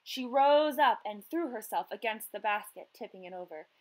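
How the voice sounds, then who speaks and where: Gentle woman reading a children's story. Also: fairly high pitch, normal speed, rough recording. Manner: gentle, expressive, addresses young readers. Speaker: teacher reading aloud. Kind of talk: children's story read-aloud.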